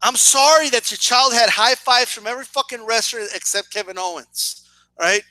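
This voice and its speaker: A man with a high, very bright voice rants to his camera, sarcastic and swearing freely. He stumbles and repeats himself as he builds steam. The sound is dry and close, with almost no room echo. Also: moderate pace. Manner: sarcastic, profane, repeats words when worked up. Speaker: boxing and wrestling commentator. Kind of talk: casual video rant.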